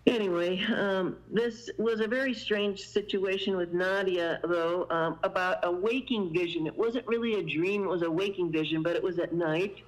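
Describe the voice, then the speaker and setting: A woman's voice: lowish voice, moderate pace, hardly any pauses, poor audio. Woman guest telling a story, meandering. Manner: meandering, many "you know" fillers. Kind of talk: conversational storytelling.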